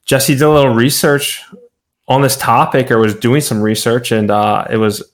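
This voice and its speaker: A man in his thirties co-hosting a podcast, talking in a relaxed, reflective way. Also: medium pitch, normal speed. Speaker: podcast co-host. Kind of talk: casual chat.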